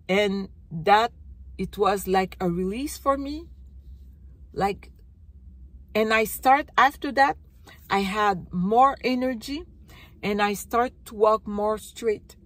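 Slow, halting woman telling her story. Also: mid-range voice, dry recording. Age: middle-aged. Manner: halting, searching for words, many restarts. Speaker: vlogger. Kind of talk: personal recovery vlog.

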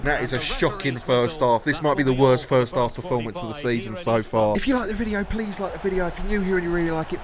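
A man giving excited, sweary, jokey commentary on a football video game he is playing. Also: on the high side. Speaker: gaming YouTuber. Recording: game crowd noise behind. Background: stadium crowd from the game.

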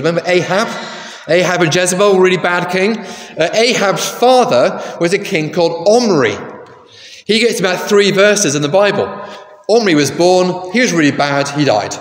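A man preaching a sermon in a conversational way, asking the congregation questions. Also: fairly high pitch. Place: large church. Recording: echoey church with long reverb.

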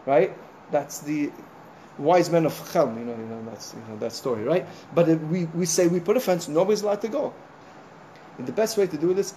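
A man's voice: on the high side, fairly quick, a little hiss or hum. A man, a rabbi, giving an informal sermon, telling stories in a conversational way with many "you know" asides and acting out what people said. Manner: animated storyteller, acting out conversations.

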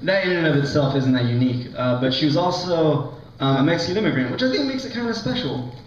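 A young man, a little high-pitched for a guy, works through a stand-up set in loose, rambling talk full of likes and ums. He keeps poking fun at himself. The recording is distant and echoey, with a dull, lo-fi sound. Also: lively intonation, fast talker, heavy background noise. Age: young adult. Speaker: stand-up comedian. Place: college lounge with a laughing audience.

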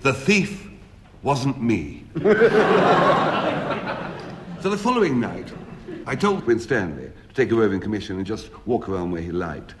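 A man on a radio comedy panel, telling a comic story with wry, deadpan delivery and dramatic pauses. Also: on the low side, background noise.

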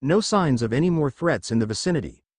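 A man voicing a calm, composed young male tracker in a fan story reading. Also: medium pitch, a little fast, slightly rough, no room sound.

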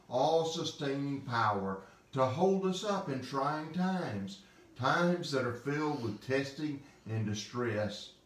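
A male pastor giving an emphatic devotional sermon, stressing repeated phrases and slowing on key words. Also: medium pitch, distant mic. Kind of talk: devotional sermon teaching from scripture. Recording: roomy sound, speaker away from the mic.

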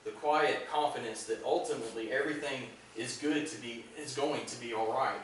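A man's voice: medium pitch, brisk. A man preaching a sermon as pastor, earnest and emphatic, often calling out "listen" to stress a point. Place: church sanctuary. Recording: echoey church hall from a distant mic with background noise.

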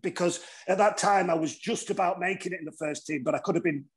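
A middle-aged man with a northern English accent, a former rugby player telling stories in a casual interview, animated and swearing freely. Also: high voice, quick pace. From northern England. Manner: animated, swears freely, acts out voices in anecdotes.

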